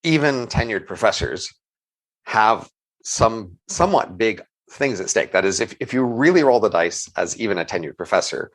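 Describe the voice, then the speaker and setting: A man's voice: on the low side, animated, moderate pace, a bit bright, rough recording. A middle-aged man, an economist co-hosting a podcast, talking through ideas in a thoughtful, hedging way and restarting his words often. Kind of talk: casual intellectual conversation.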